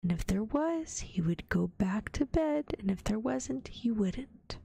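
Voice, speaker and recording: A woman reading a children's storybook aloud in a gentle ASMR whisper. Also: a little high, lively intonation, a little slow, creaky, husky. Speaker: vtuber storyteller.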